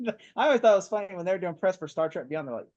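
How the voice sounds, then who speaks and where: A man co-hosting a casual podcast chat, animated and rambling, often laughing and restarting his sentences. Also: sits high, rapid-fire, no echo, dull audio. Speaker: podcast co-host.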